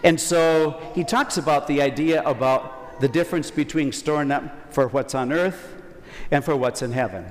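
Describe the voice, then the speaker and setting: A man's voice: a little high, moderate pace, big-room sound, slight background noise. A man preaching a Sunday homily as a priest in a conversational, folksy way, acting out quotes.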